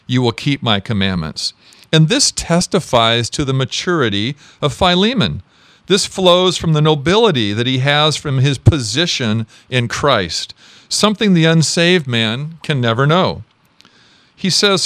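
Lively preaching man. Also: mid-range voice, a little slow, no echo. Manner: lively preaching with questions to the congregation. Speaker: pastor. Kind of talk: sermon.

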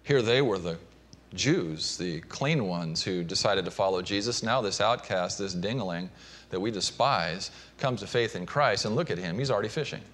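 A man preaching a sermon, shifting between emphatic and hushed delivery. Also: lowish voice, moderate pace. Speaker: pastor.

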